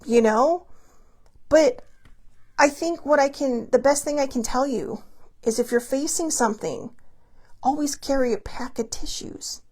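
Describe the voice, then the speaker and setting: A woman hosting her own show, talking casually and candidly, with animated asides and a bit of swearing. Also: high voice. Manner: animated, many quick asides. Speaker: podcast host. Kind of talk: casual solo talk.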